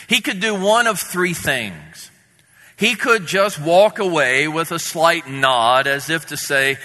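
A male pastor delivers a sermon with an unhurried, deliberate pace and a very bright, forceful tone. His voice sits a little high for a man. Long reverb from a large hall trails each phrase. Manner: measured, vivid storytelling. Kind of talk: sermon storytelling.

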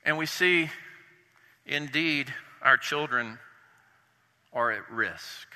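A man preaching a sermon with drama, dropping his voice low and soft to stress points. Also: takes it slowly, in a large hall, low-quality recording. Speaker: pastor.

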